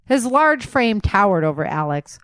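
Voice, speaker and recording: A woman reading a novel aloud as narrator, with steady storytelling. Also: medium pitch, normal speed, no room sound. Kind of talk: audiobook narration.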